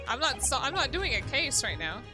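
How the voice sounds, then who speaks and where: A woman's voice: sits high, very animated, a little fast, voice pushed up. A woman voicing an earnest, flustered young male lawyer who speaks politely and anxiously. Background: background music.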